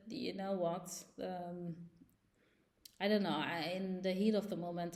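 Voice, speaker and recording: A woman's voice: sits low, darkish tone. A young woman vlogger recounting a personal ordeal, agitated, with frequent fillers and restarts. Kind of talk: personal storytelling.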